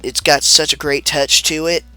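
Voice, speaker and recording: Man, sick-sounding voice, bright tense tone, relaxed rambling game commentary, casual swearing. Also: a little high, normal speed, clear, resonant tone, dry recording, faint music behind. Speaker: let's play commentator.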